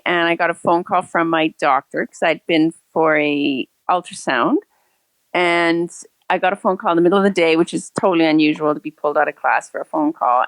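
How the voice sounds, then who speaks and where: A woman's voice: on the low side, creaky, no echo. A retired woman in her sixties, a former teacher, telling a long personal story in a rambling, earnest way with frequent restarts. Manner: earnest, rambling, laughs often. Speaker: caller sharing a story. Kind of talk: casual storytelling.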